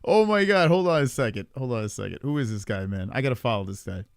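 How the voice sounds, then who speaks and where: A man's voice: medium pitch, animated, fast talker, gravelly, clear, resonant tone, no echo, studio quality. A man streaming live, reacting to clips with incredulous, swearing asides.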